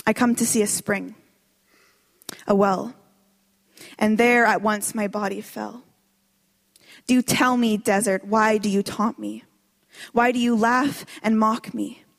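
A woman performing a spoken word poem with a slow, dramatic and intense delivery. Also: medium pitch, fairly even intonation, creaky. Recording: long hall reverb.

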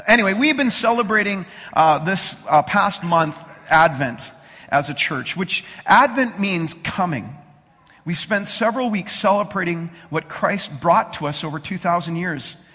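A middle-aged man preaching a sermon as pastor, who reads scripture slowly and then talks casually with restarts. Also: high voice, animated, pushed and bright, husky, big-room sound. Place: church sanctuary.

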